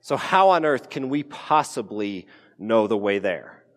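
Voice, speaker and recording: A man's voice: fairly low pitch, big pitch swings, measured pace. A man preaching a sermon as a pastor in a casual, conversational way, with playful asides and acted-out quotes. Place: church sanctuary. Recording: church hall with long reverb.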